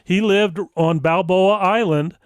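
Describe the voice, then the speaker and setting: An older man hosting a radio interview, relaxed and conversational, sharing his own anecdotes. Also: sits high, slow, smooth, no room sound, clean studio sound. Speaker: radio host. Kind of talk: casual interview.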